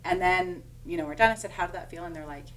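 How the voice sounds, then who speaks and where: A woman's voice: lowish voice, fast talker, recorded from a distance, a little hiss or hum. A woman who is a massage therapist, chatting as a podcast guest and explaining with hands-on examples. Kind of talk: casual podcast chat.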